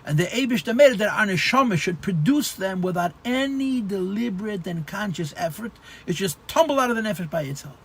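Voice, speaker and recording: Gravelly husky rabbi expounding Chassidus. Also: male voice, high voice, expressive, fairly quick, hardly any pauses. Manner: explanatory, repeats phrases, stammers restarts. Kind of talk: Torah class at a farbrengen.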